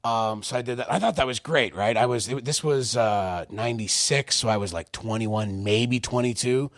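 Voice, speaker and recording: A man's voice: medium pitch, moderate pace, no room sound, studio quality. A man from Canada in his forties, a guest telling stories on a casual podcast and acting out other people's lines in raised voices. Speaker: podcast guest, wrestling manager and producer. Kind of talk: casual storytelling interview.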